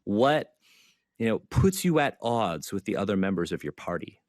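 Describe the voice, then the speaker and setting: Low-pitched and a little mellow, this man is very animated at a moderate pace, captured in clean studio sound with no echo. He's an earnest zine creator on an online panel, repeating key points amid many fillers.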